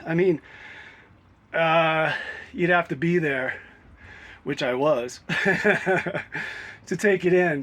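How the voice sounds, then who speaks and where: A man vlogging from the road in a casual, rambling, reflective way, laughing now and then. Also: a little high. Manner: musing, rambling, given to laughing. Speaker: travel vlogger. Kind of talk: casual reflective vlog talk. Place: outdoors on the road, then inside his vehicle on a cold morning.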